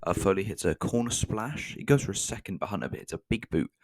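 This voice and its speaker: A British man talks through a wrestling show in a loose, casual review, dropping dry sarcastic jokes between frequent ums. His voice sits low and deep, recorded close and dry with no room sound. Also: lively intonation, quick pace, a little mellow, no echo.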